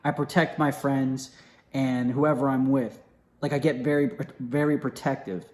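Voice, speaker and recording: A young man telling a story in a casual, animated way, acting out what others said, with many fillers and restarts. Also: mid-range voice, unhurried.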